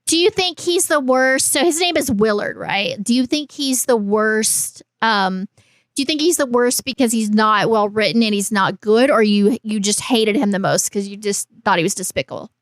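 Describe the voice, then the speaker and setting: A woman's voice: a little high, normal speed, no echo, studio quality. A woman co-hosting a horror podcast, talking in a teasing, argumentative and profane way. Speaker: podcast co-host. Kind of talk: casual chat.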